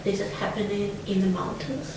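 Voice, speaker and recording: A woman in a casual poem discussion, explaining her reading in a measured way. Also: mid-range voice. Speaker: discussion participant. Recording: echoey room, distant mic, noise.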